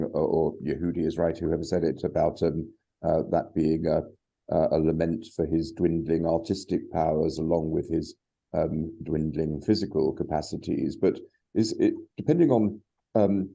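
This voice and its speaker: A man's voice: low voice, gravelly, dark tone, husky. A man in a poetry discussion group, offering a careful reading with many hesitations. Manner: hesitant, many ums, long careful sentences.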